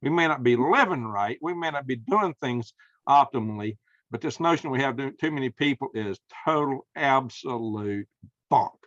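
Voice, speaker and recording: A man's voice: medium pitch, lively intonation, moderate pace, fairly bright tone, dry recording, muffled recording. A man with a Southern American accent, hosting a casual conversation in a folksy, emphatic storytelling manner. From Southern United States. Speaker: podcast host.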